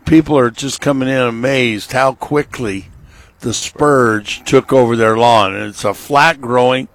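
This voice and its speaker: A middle-aged man hosting a radio gardening show, giving slow, folksy, instructive advice. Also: mid-range voice, fairly bright tone.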